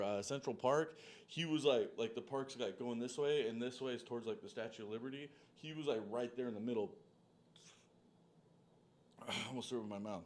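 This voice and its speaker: A man telling a long story in a loose, profane, rambling way, full of "like" and "dude". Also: medium pitch. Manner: animated, jumps between tangents. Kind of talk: casual storytelling monologue.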